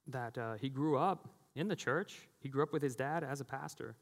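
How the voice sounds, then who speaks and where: This sermon comes from a pastor in his thirties speaking at a normal pace in a mid-range voice. He keeps it conversational in the church sanctuary, full of stories, frequent laughter and plenty of "you know," all carried on a long hall reverb.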